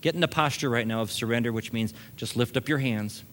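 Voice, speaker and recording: A man's voice: mid-range voice, a little fast, a bit bright, a little hiss or hum. A male pastor preaching a sermon, building emphasis with casual asides to the congregation.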